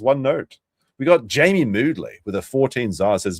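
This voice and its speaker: A man streaming live, reacting to a video with sarcastic, animated commentary and some swearing. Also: fairly low pitch, a little fast, no room sound, studio quality.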